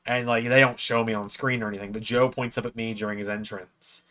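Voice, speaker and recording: A man's voice: lowish voice, steady tone, brisk, pushed and bright. A man hosting a watch-along, telling a long personal story in a casual, rambling way from a room at home. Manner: rambling anecdote, acts out quoted lines in a raised voice.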